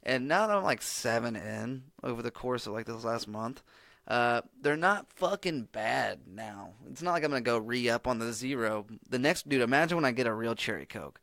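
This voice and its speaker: A man's voice: mid-range voice, lively intonation, moderate pace, creaky, a bit bright, no room sound. Laid-back rambling man, dry close sound. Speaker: podcast host. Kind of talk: casual solo podcast chat.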